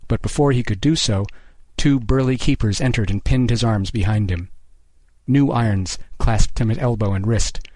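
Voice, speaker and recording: A man reading a short story aloud as narrator, in a steady, measured way. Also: fairly low pitch, dry recording.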